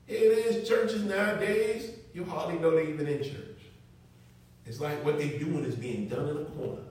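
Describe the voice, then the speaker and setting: A man's voice: a little high, moderate pace, darkish tone. A male preacher delivering a sermon in an emphatic, conversational way, talking straight to his congregation. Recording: echoey room, mic far off.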